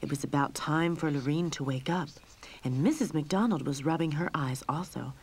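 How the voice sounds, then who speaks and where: A woman narrating a game storybook in a soft, breathy reading voice. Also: sits low, moderate pace.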